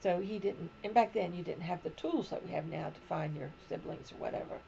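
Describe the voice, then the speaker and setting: A woman's voice: lowish voice, brisk, vocal fry, warm tone, highs cut off, a little hiss or hum. A woman in her seventies, hosting a crochet show, telling family stories in a rambling, casual chat from home. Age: 70s. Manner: rambling personal storytelling. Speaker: crochet podcast host.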